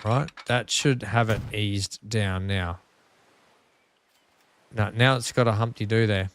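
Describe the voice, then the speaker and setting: Streaming a building game live from his home room, an Australian man chats with his viewers and grumbles at his track, mocking his own frustration. He speaks slowly in a lowish voice, with slight background noise in the recording.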